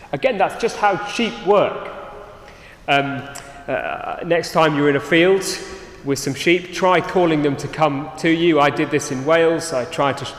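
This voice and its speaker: A man's voice: a little high, a bit bright. A man preaching a sermon, earnest, often restarting his sentences. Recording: roomy hall reverb.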